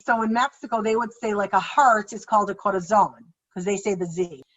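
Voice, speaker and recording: A woman children's author chatting casually on a podcast, telling stories in an animated, excitable way and acting out her own past reactions. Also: medium pitch, fast talker. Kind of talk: casual conversational storytelling. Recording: slightly muffled, dull podcast recording.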